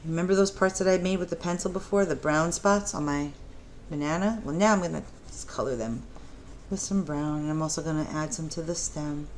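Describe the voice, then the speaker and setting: A woman with a low-sitting voice speaks a little fast, with slight noise in the background. She gently coaches preschoolers through an art lesson one step at a time, checking in with questions.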